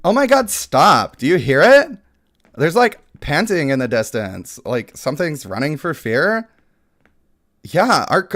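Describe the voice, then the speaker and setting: A gushing valley girl elf, put on by a man, high and breathy with her words stretched out. She swoops up and down, airy and excitable, like a storybook huntress who never stops chatting. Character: bubbly young valley girl elf woman.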